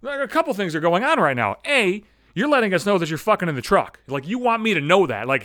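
A man hosting his own podcast, telling rambling comedic stories, profane and animated. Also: sits high, quick pace, dry recording, studio quality. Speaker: podcast host. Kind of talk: comedic storytelling monologue.

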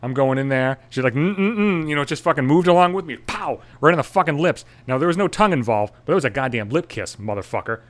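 A man's voice: medium pitch, expressive, fast, few pauses. A young man, a podcast host, telling a crude story in a sarcastic, swear-filled monologue.

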